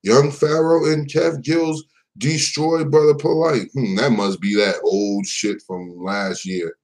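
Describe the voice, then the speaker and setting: A man's voice: mid-range voice, fairly even intonation, slow pace, low-quality recording. A man hosting a live commentary stream, talking in a casual, profane, mocking way and laughing at his own jokes.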